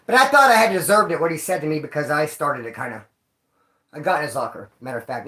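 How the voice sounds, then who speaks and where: A man casually telling stories about his time in prison to camera, in a slangy, profane and animated way, often acting out other people's voices. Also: on the high side, fast talker.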